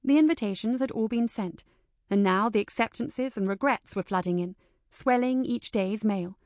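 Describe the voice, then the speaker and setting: Woman narrating, dry, slightly high voice. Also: normal speed, darkish tone, dry recording. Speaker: audiobook narrator. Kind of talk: scripted narration of a historical novel.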